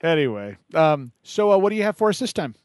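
A man's voice: fairly high pitch, sing-song, fast, a little mellow, clear, resonant tone, dry recording. Male call-in host, easygoing banter, dry close mic. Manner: joking, laughs often. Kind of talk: casual chat on a call-in radio show.

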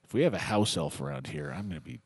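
Lively, animated male radio host. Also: extremely low pitch, fast talker, breathy edge, no echo, clean studio sound. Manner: animated, jokey, laughs often. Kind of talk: casual on-air chat.

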